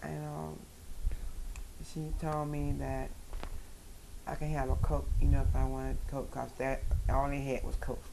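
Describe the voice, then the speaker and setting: An older woman telling a personal story as a guest, in a lively storytelling manner with a dialect grammar. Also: rumbling low, measured pace, gravelly, pauses often, echoey room, noisy background.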